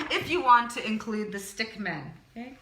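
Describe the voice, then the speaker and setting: A woman's slightly high, sharp-toned voice comes through with reverb and slight background noise as she teaches a drawing lesson. The chatty, encouraging art teacher talks while working on the tutorial, repeating words to herself as she draws.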